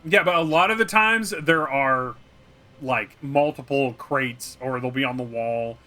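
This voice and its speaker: A man co-hosting a casual gaming chat, recapping a video game in a rambling, animated way and acting out scenes as he goes. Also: medium pitch, measured pace. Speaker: co-host.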